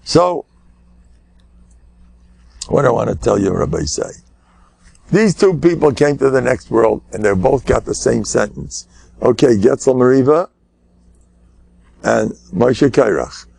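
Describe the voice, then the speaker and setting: An older man, a rabbi, giving a Torah lecture as an animated storyteller, sprinkling in Yiddish words and shouting his punchlines. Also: medium pitch, a little slow, creaky, long pauses, breathy edge, dry recording. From United States.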